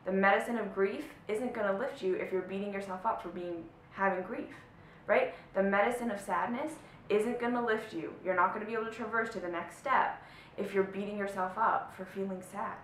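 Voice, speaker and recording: A woman's voice: brisk, hardly any pauses. Emphatic woman coach in an echoey room. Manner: emphatic, often checks in with "right?" and "okay?". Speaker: spiritual life coach. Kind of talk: motivational teaching to camera. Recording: echoey room with faint low rumble.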